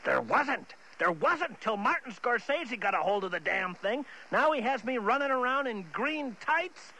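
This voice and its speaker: A man's voice: very high voice, sharp tone, exaggerated voice, poor audio. A man voicing an unhinged, boastful male movie star who rambles, stammers and keeps restarting his sentences. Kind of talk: comedy sketch impression.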